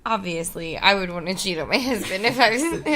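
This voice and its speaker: A woman's voice: medium pitch, animated, fast, over a noisy crowd. A woman co-hosting a casual comedy movie podcast, wry and teasing. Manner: wry, teasing, laughs easily. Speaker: podcast co-host.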